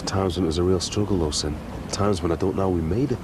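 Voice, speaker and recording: A weary, kindly single father, played by a man, with a lowish voice and a quick pace. Loud street noise sits under him. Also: natural voice.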